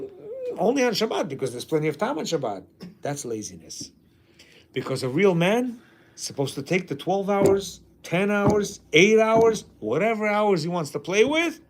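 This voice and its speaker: A man's voice: a little high, slight background noise. A man teaching a men's religious class, emphatic and full of rhetorical questions. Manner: emphatic, rhetorical questions, acts out quoted voices. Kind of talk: informal religious class talk.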